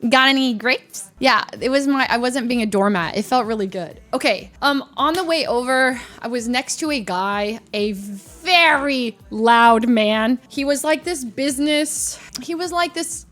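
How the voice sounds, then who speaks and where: A young woman streamer telling a story in casual chat, animated, laughing often and loudly mimicking the people in it. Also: high voice, a little slow.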